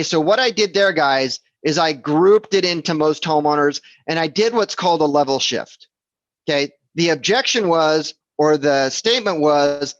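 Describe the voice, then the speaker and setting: A man's voice: on the high side, no echo, highs cut off. A man teaching real estate sales in a casual instructional talk, conversational and repetitive, checking in with his listeners as he goes. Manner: conversational, repeats himself, checks in with "okay?" and "right?".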